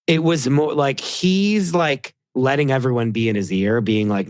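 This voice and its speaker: A man's voice: medium pitch, measured pace, dry recording, studio quality. Rambling man in casual podcast chat. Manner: rambling, heavy use of "like", animated quoting of others. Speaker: podcast guest.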